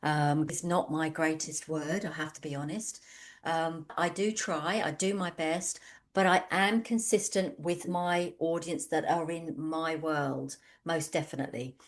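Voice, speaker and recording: A woman's voice: low-pitched, steady tone, a little slow. A woman, an online business coach, giving a conversational webinar talk full of anecdotes and frequent ums. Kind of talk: webinar presentation.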